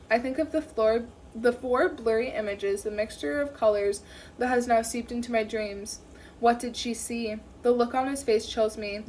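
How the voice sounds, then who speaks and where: A woman's voice: fairly high pitch, steady tone, moderate pace, a little mellow, slight background noise, rough recording. Woman narrating a tense audiobook. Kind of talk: first-person audiobook narration.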